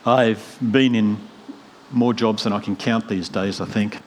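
A middle-aged man preaching a sermon, earnest, moving from hushed storytelling to rising, emphatic appeals. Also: fairly low pitch, steady tone, unhurried, a little hiss or hum.

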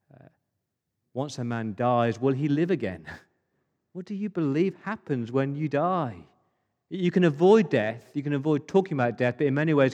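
A man's voice: mid-range voice, a little mellow. A man preaching an Easter sermon, emphatic and full of rhetorical questions. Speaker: pastor. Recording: long hall reverb.

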